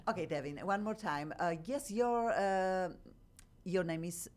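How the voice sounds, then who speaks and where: A woman with a Polish accent hosting a radio talk show, excitable and laughing as she chats in broken English. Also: lowish voice, a little slow. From Poland. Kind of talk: casual interview chat.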